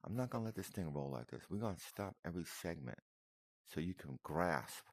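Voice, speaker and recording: Male vlogger, low rough voice, emotional repetitive reaction talk. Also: animated, a little fast, a little hiss or hum. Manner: emotional, repetitive, addresses viewer as man and brother. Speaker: video commentator reacting to footage. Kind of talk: casual reaction commentary.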